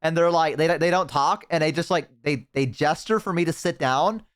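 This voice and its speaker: A man's voice: fairly high pitch, normal speed, fairly bright tone. Joking, rambling male streamer. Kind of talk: casual stream chat.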